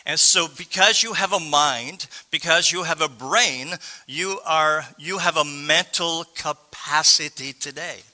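A man, slightly sore-voiced, preaching as a guest speaker in halting speech with many pauses and restarts. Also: fairly high pitch, sharp tone. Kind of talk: sermon.

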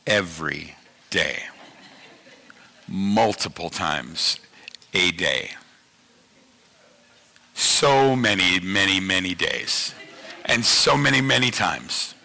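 A man's voice: deep voice, big pitch swings, slow pace, vocal fry, long pauses, bright, forceful tone. A man in his fifties preaching a sermon in a conversational way, often repeating himself and checking in with his listeners. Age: 50s. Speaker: pastor.

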